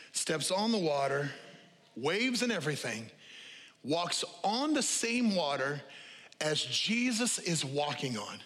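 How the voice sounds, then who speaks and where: A male pastor preaching a lively, conversational sermon to a congregation, repeating key phrases and dropping humorous asides. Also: on the high side. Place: church auditorium with live congregation. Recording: long hall reverb.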